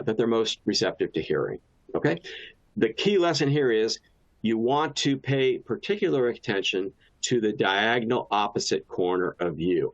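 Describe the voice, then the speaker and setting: A man's voice: mid-range voice, highs cut off. A man presenting a training talk on communication styles in a casual, anecdotal way, with frequent restarts and fillers.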